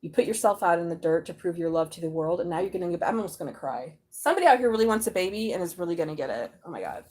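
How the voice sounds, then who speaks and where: An expressive woman hosts a live tarot reading, moving between reading card passages aloud and reacting to them with surprise. Her delivery is animated and candid, with sudden bursts of emotion between the calmer reading. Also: fairly low pitch, very fast, hardly any pauses. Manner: animated, exclaiming and laughing while reading cards aloud. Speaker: tarot reader.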